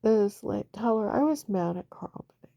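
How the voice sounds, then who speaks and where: A woman's voice: mid-range voice, animated, moderate pace, creaky, dark tone, dry recording, studio quality. A woman speaking in a rambling, emotional personal monologue, often dropping into a whisper.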